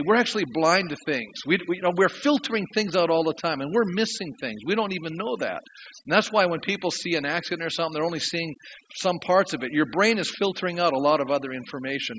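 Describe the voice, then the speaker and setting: Man preaching, pastor, earnest storyteller, fairly high voice, slightly dull sound. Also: fairly bright tone, slight background noise. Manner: earnest storytelling with emphatic rises. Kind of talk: sermon.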